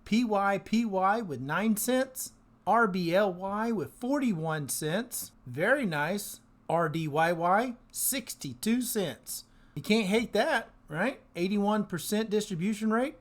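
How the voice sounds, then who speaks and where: A man hosting an investing channel, running through payout figures in casual commentary and breaking into excited exclamations and laughter. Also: sits high, takes it slowly.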